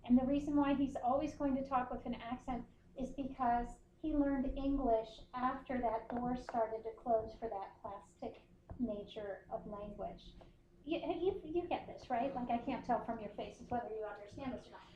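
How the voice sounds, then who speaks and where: Woman, instructor, classroom lecture, high voice, conversational, echoey room. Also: moderate pace, mellow, highs cut off, slight background noise. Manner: conversational, often checks in with the class. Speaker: university instructor.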